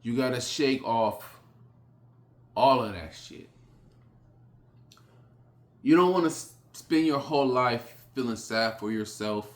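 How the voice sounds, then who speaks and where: A man giving a blunt motivational speech, repeating short phrases with sudden forceful rises. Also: medium pitch, animated. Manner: blunt, repetitive, hammering phrases; slow, emphatic delivery with sudden loud rises. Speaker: motivational speaker.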